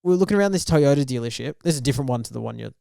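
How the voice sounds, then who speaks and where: A young man co-hosting a podcast talks fast in a creaky, medium-pitched voice while telling a story in casual chat. He's an animated storyteller who acts out quoted dialogue. The audio is studio quality with no room sound.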